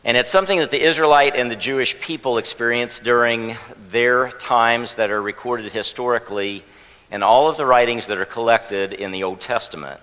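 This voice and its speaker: A man's voice: medium pitch, moderate pace, in a large hall, rough recording. A man preaching a sermon as pastor, teaching with light jokes and getting the congregation to repeat a word with him. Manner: warm, joking teacher leading the congregation. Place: church sanctuary.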